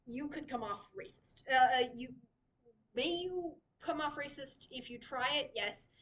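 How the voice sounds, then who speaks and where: Giggly high-voiced woman leading a workshop. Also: fairly bright tone, low-quality recording. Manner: giggly, chatty, laughs often. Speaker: writing workshop leader. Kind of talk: casual teaching talk. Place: library meeting room.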